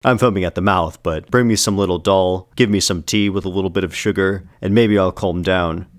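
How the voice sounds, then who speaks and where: A man narrating a first-person novel as an audiobook, with a measured, deliberate and bitterly ironic delivery. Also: low-pitched, steady tone, no room sound, studio quality.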